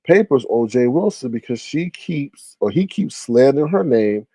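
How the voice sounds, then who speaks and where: A man's voice: medium pitch, animated, normal speed, warm tone, breathy edge, no room sound. A man hosting a casual livestream, chatting animatedly and reading viewer comments aloud. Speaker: livestream host. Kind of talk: casual live-stream commentary.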